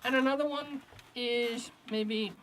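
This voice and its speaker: A man co-hosting a casual podcast, a language teacher who chimes in often with quick agreements. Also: very high-pitched, a little hiss or hum. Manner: lively, quick agreeing interjections. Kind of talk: casual chat.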